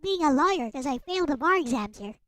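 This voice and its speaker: A woman's voice: sits high, expressive, fast, fairly bright tone, dry recording. A young adult woman from the Philippines, giggling often as she chats casually on a stream. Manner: giggly, chatty. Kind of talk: casual chat.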